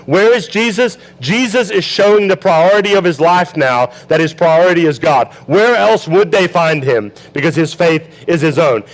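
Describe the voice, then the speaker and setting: Conversational preacher, a man with a higher voice. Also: poor audio. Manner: conversational, asks the congregation questions, acts out Bible quotes. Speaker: pastor. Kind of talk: sermon.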